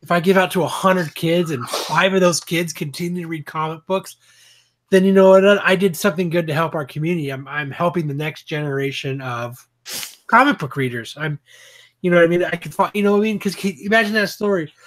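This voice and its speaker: A man's voice: on the high side, fairly quick, a bit bright. A man co-hosting a podcast, telling a story in casual, profanity-laced chat. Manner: swears freely while telling stories. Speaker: podcast co-host.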